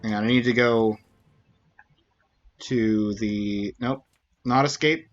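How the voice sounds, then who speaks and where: A man's voice: mid-range voice, steady tone, slow, long pauses, highs cut off, faint music behind. A man streaming a mystery game, thinking aloud and humming to himself as he works through it. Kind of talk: let's-play commentary.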